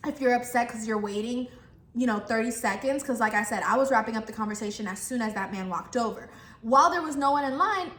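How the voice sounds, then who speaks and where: A young woman vlogger telling a storytime while eating, animated and chatty, talking between bites. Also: high-pitched. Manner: animated, talks while chewing, acts out the customer exchange. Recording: echoey room, faint background noise.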